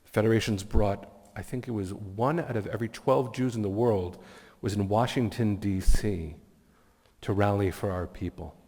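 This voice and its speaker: Man, rabbi, keynote sermon, earnest storytelling, lowish voice, long hall reverb. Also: normal speed, darkish tone. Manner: reflective, earnest, blessing-giving.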